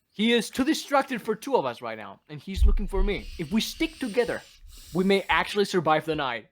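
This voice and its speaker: A man playing a tabletop game online, excitable and quick to laugh. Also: sits high. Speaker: player.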